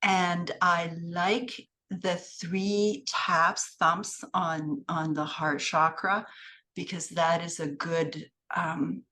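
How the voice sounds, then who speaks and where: A woman's voice: deep voice, fairly bright tone. A woman in a meditation group thanking the host, speaking appreciatively with hesitant restarts. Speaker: participant and teacher.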